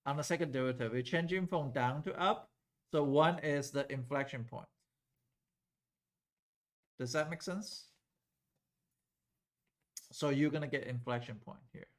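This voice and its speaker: A man's voice: medium pitch, a little slow, long pauses. A man teaching calculus to a live class in a loose, conversational way, often checking whether students follow.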